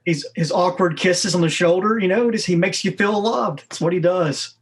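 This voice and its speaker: Male podcast guest, somewhat high voice, easygoing and self-deprecating. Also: moderate pace, husky. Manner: laid-back, self-deprecating. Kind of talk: casual interview chat.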